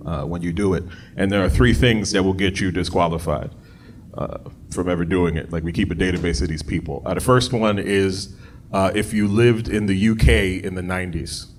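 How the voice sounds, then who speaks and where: With a lowish voice, a stand-up comic works a club crowd through a handheld microphone, chatting and cracking himself up. Recorded live with the audience present, with a bit of background noise.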